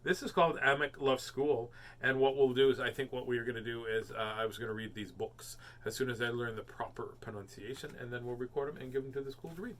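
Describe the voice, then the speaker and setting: Talking at a quick pace in a medium-pitched, slightly bright voice, a man hosts a home show reading children's books. His chat is casual and rambling, with many jokes and fillers.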